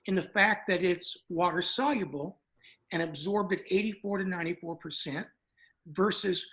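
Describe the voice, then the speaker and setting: A man's voice: high-pitched, a bit bright, rough recording. A man in his sixties with a Southern American accent, a dentist guest telling his story in a folksy, chatty way. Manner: folksy, chatty, recounts with quoted dialogue. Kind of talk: casual interview storytelling.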